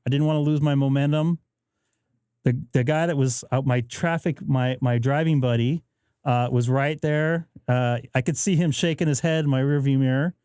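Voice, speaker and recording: Guy on a live stream telling a road story, acts out both sides, voice kinda high, super dry mic. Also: dark tone, clean tone, dry recording. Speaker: host. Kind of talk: casual chat. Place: home radio shack.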